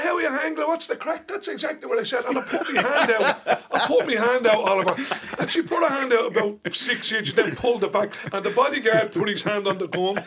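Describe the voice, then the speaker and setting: A man's voice: sits high, noisy background. An older Irish man telling funny stories in a casual chat, laughing as he talks. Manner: chatty, laughs through his stories. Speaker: guest storyteller.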